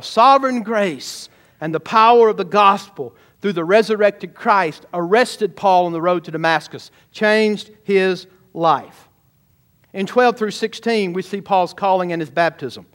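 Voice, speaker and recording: A man's voice: high-pitched, fairly bright tone. A man, a pastor, preaching a sermon emphatically and often calling out questions to his congregation.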